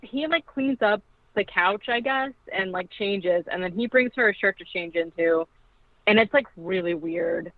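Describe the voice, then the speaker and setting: A woman's voice: mid-range voice, unhurried, no echo. Chatty woman on a tinny phone line. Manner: chatty, peppered with "like", acts out quoted lines. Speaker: podcast co-host. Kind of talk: casual film recap.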